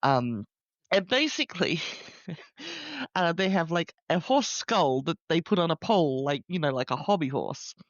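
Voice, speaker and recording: A man's voice: on the high side, big pitch swings, measured pace, no echo, muffled recording. A man co-hosting a podcast in casual chat, talking freely and laughing often at himself. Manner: chatty, laughs often, self-deprecating. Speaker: podcast co-host.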